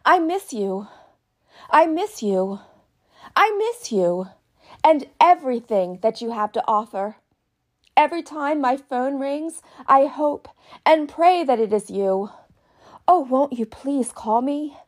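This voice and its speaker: A woman's voice: high-pitched, expressive, slow, heavily acted. A woman playing a heartbroken, overwrought woman who begs her ex to take her back, pleading over and over. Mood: desperate pleading. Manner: pleading, overwrought, repetitive begging.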